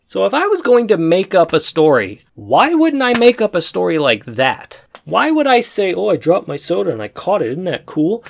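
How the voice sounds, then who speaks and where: A young man spins a comic story straight to camera, recorded at home on a desk microphone. His voice sits a little high and swings all over, with a gravelly fry at the ends of phrases. He breaks into loud, high sound effects when the action heats up. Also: huge pitch swings, normal speed, hardly any pauses. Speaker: comedy vlogger. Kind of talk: comedic storytelling monologue to camera. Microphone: desk USB microphone.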